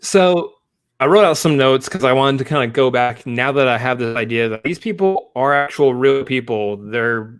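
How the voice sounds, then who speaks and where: Casting: male co-host, casual chat, animated scene retelling. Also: medium pitch, smooth. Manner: animated retelling with quick acted-out quotes.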